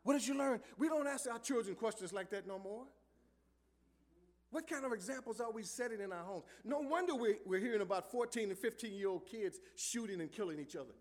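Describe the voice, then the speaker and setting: A male pastor preaching a sermon in church. He calls out to the congregation for answers and swings between hushed lines and loud ones. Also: high voice, expressive, brisk. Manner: call-and-response preaching, swings from soft to loud. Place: church sanctuary.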